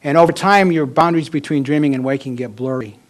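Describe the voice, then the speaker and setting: A man's voice: a little high, fast talker. A middle-aged American man giving a talk as an author, telling personal stories in a candid, rambling way with asides.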